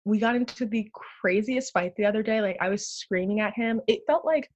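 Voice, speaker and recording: A young woman co-hosting a casual podcast chat, telling stories and loudly acting out her own quoted lines. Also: medium pitch, a little fast, dull audio. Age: young adult. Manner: animated storytelling, acts out heated quotes. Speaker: podcast co-host.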